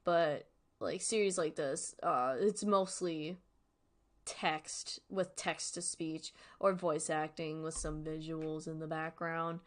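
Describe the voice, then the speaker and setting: A woman's voice: low-pitched, steady tone, takes it slowly. A woman streaming a casual, joking, rambling reaction to a horror series. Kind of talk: casual livestream commentary.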